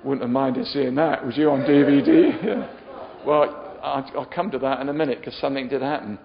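A man preaching a sermon, moving from quiet storytelling to loud, shouted exhortation. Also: mid-range voice, fairly even intonation, a little fast, highs cut off.

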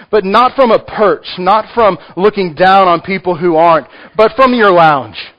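A man's voice: high voice, animated, measured pace, hardly any pauses. A man with a Texan accent preaching a sermon, conversational and joking with the congregation. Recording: muffled lo-fi recording.

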